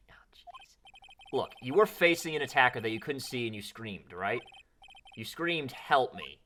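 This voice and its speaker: A man streaming a courtroom game, reading the lines aloud and commenting, moving from mutters to loud outbursts. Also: medium pitch, moderate pace, slight background noise. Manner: animated, switching between mutters and loud outbursts. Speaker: let's play streamer.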